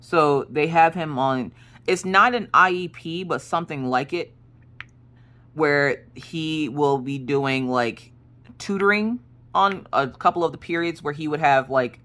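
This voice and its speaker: A woman's voice: low voice, fairly bright tone. A woman in her thirties chatting casually while she crafts. She rambles and often corrects herself mid-sentence. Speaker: crafting streamer.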